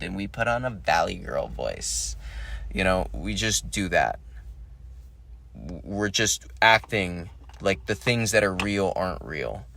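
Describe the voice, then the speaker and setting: A man's voice: low-pitched, big pitch swings, measured pace, vocal fry, bright, forceful tone, no room sound. A man hosting a solo podcast, talking in a rambling monologue that searches for words and swears casually. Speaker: podcast host.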